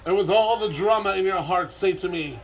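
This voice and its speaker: This high-voiced man speaks briskly, caught on a rough recording. He's running live outdoor street theater at a festival stage, directing the crowd theatrically while slipping in dry, sarcastic remarks.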